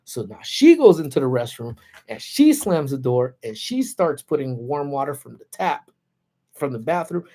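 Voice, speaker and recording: Man host telling a story on a lunchtime livestream, laid-back and slangy, mid pitch. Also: very animated, moderate pace, warm tone. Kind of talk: casual storytelling. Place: parked car.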